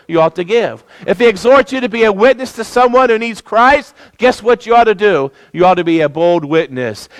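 A man preaching a sermon, swinging between loud emphatic peaks and low, quiet stretches, calling for amens. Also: dry recording. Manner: call-and-response preaching, rising and falling emphatically.

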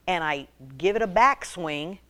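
A middle-aged woman gives a humorous storytelling talk to a women's meeting, animated and often laughing as she speaks. Her voice is lowish and her pace unhurried.

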